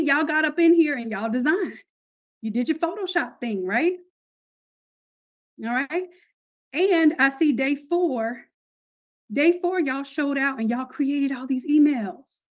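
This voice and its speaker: A woman with a high voice leads a live online class in a loose, chatty way, full of slang and direct asides to her students. Her tone stays upbeat and informal. The audio sounds a little muffled and lo-fi. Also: measured pace, long pauses. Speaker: online course instructor. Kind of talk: casual live class talk.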